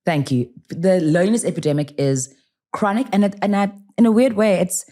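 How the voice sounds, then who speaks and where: A woman in her forties, a podcast guest telling stories in casual interview talk, animated and acting out bits of dialogue. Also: fairly low pitch, brisk. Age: 40s.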